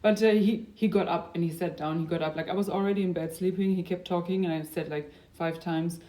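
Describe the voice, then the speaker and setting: A young adult woman talking in a casual, rambling video diary. Her loudness drifts from sudden bursts down to near-whispers. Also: lowish voice, steady tone, a little fast, few pauses. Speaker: diary vlogger.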